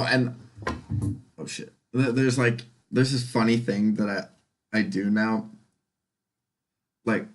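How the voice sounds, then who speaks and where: Rambling, foul-mouthed young man. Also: mid-range voice. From California. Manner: rambling, profane, goes off on tangents. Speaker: podcast host. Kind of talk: casual solo podcast monologue.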